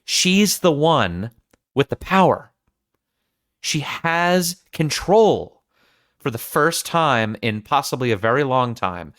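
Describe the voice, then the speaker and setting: A man's voice: medium pitch, big pitch swings, slow, a bit bright, dry recording, studio quality. A man hosting a podcast, talking through a film scene in earnest, analytical casual chat, often restarting his sentences. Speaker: podcast host.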